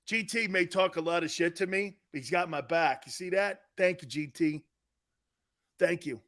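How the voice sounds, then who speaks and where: Loud, joking male sports talk host. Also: high voice, fairly quick. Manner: loud, joking, jumps between topics, often raises his voice. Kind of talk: live sports talk stream, reading chat.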